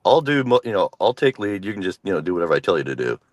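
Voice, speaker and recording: A man on a casual stream panel, talking in a deadpan, bossy way as he pitches schemes. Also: racing. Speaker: panel guest.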